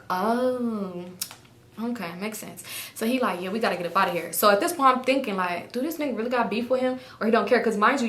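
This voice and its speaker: A young woman tells a story in a casual, lively way and slips into other people's voices as she quotes them, cursing freely. Her voice is bright and clear, and it echoes in the room around her. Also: medium pitch. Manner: animated, acts out other people's lines; swears freely. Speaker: storytime vlogger.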